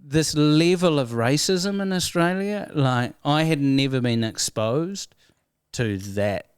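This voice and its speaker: A man with a New Zealand accent, a guest comedian telling stories in a casual interview, animated and often laughing. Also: fairly high pitch, slow, clear, resonant tone, no echo, studio quality.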